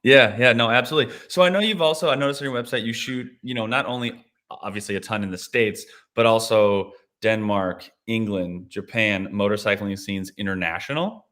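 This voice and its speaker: A man with a fairly low voice hosts the conversation. He asks easygoing questions and adds short, encouraging replies. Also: brisk, hardly any pauses, fairly bright tone. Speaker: interview host. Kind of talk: casual interview.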